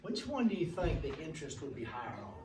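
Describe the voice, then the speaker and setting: A man's voice: on the high side, very animated, fast. A man teaching a class in a rambling, folksy way, with corny jokes. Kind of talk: classroom lecture. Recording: echoey room, mic far off, noisy.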